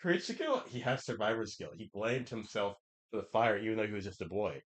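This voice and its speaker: A man quoting a worried, apologetic woman in his own low voice as she earnestly explains herself. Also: animated, fairly quick, close to an everyday voice.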